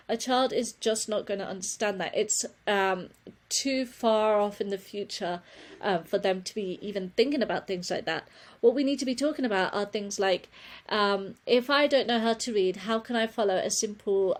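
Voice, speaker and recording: A woman presenting a webinar on children's reading, speaking earnestly and often correcting herself with a quick apology. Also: mid-range voice. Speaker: reading teacher giving a webinar.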